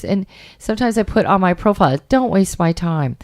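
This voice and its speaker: A middle-aged woman co-hosting a radio talk show, chatting about dating in an animated, emphatic way. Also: mid-range voice, moderate pace, no room sound, clean studio sound. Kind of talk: casual chat about dating.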